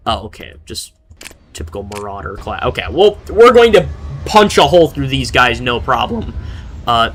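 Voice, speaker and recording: A man's voice: medium pitch, bright, forceful tone, a little hiss or hum. A young man giving casual, rambling commentary while playing a strategy game and reading chat aloud. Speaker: gaming streamer.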